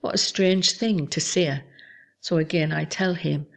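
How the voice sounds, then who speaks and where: Woman, memoir reading, measured, somber, lowish pitch, slow. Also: steady tone, creaky. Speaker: host. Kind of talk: reading aloud from her memoir.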